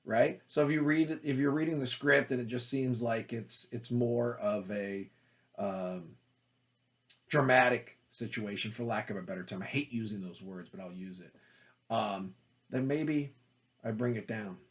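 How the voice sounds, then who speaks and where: A man teaching about auditions as an acting coach, talking in a loud, forceful, energetic way. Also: mid-range voice, a little slow.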